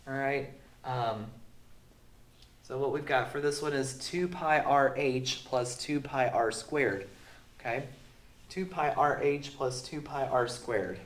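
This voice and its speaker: A man who is sick, teaching a recorded math lesson in a relaxed way with many fillers, going through the steps slowly. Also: mid-range voice. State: sick, voice sounds off. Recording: roomy echo.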